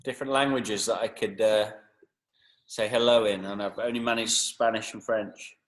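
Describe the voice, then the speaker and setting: A man's voice: on the low side, fairly even intonation, normal speed, rough recording. An English man, a fitness coach, chatting and joking casually with his group over a video call. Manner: jokey, teasing, chatty.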